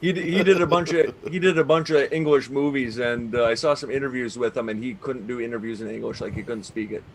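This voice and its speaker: A man's voice: mid-range voice, quick pace. Rambling man in podcast chat, faint noise. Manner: rambling, many restarts and fillers. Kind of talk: casual podcast banter.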